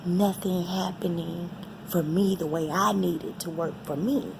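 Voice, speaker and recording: Slow, gravelly woman telling a story. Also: lowish voice, fairly even intonation, background noise. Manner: emotional, repeats phrases, drops to a breathy whisper. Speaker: vlogger sharing a personal testimony. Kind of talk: personal storytelling.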